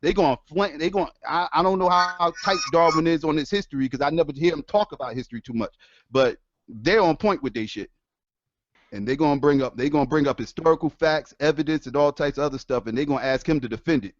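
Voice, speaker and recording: A man ranting on his stream in a casual, profane, animated way, laughing often. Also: a little high, fast, no echo. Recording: dull lo-fi dry sound.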